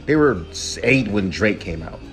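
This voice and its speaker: A man's voice: lowish voice, animated, measured pace, faint music behind. A young man hosting a solo podcast, ranting heatedly and profanely, sometimes mocking the people he criticizes in put-on voices. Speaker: podcast host.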